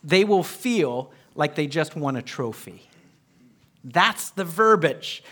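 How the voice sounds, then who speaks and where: A man's voice: on the high side, lively intonation, takes it slowly, fairly bright tone. A man teaching a Bible lesson to a group, emphatic, often putting questions to his listeners.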